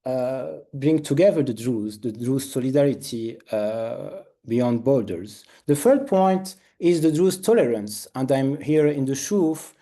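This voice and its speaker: A man's voice: medium pitch, animated, measured pace, few pauses, mellow. A man with a French accent giving an academic conference presentation, hesitant with frequent fillers and restarts. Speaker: conference panelist.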